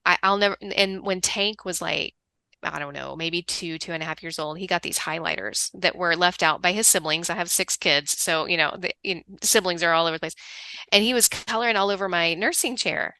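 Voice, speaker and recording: A middle-aged woman, a podcast guest telling family stories in an animated way, taking on other people's voices as she quotes them. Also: fairly low pitch, fairly quick, no echo. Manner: animated storyteller, lively quoting of others. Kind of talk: conversational podcast interview.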